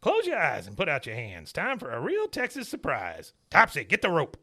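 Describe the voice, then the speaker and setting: A man's voice: fairly high pitch, wildly swooping pitch, moderate pace, bright, forceful tone, husky, pitched above the performer's own voice, exaggerated voice. A man quoting a bossy, scheming old Texan father.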